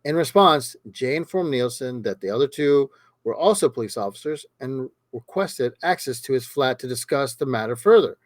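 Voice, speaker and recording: A man's voice: medium pitch, expressive, normal speed, no room sound. A man hosting a true crime podcast, reading the case aloud steadily with small stumbles and casual asides.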